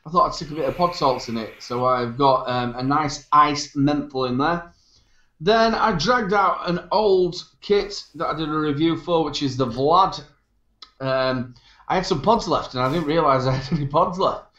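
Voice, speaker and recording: A man's voice: a little high, moderate pace, fairly bright tone. A man co-hosting a casual live stream, talking in a chatty, rambling way about his gear. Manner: chatty, rambling product talk. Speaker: co-host. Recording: echoey bathroom-like room, dull sound.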